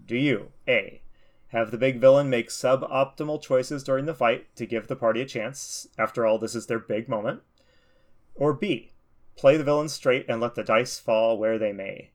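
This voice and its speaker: A man's voice: medium pitch, normal speed. A man hosting a casual podcast, quizzing his co-hosts with wry, teasing questions. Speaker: podcast host.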